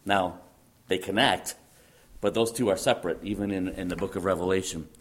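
A man's voice: low voice, fairly even intonation, fairly quick. A man preaching a sermon, teaching emphatically and repeating phrases for stress.

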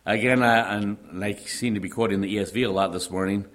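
A man's voice: lowish voice, steady tone, fast, fairly bright tone. A middle-aged man preaching a sermon, earnest, asking repeated rhetorical questions and leaning hard on stressed words. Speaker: pastor.

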